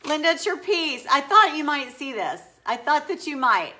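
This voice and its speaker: Woman, middle-aged, bright, slightly high voice, rambling live-stream host. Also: sing-song, a little slow. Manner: rambling, chatty, reads viewer comments aloud. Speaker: furniture painter hosting a live stream. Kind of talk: casual live-stream chat while demonstrating a craft.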